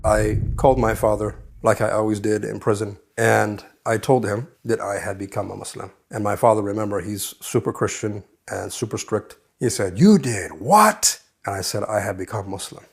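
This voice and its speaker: A man telling his story in a calm, earnest way. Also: fairly low pitch, moderate pace, creaky, few pauses, husky. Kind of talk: storytelling talk.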